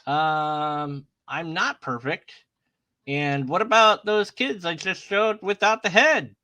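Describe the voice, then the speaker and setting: Speaking slowly in a slightly high, bright, forceful voice, a YouTube host gives sarcastic, casual commentary on images. He works through a series of questions and mock voices.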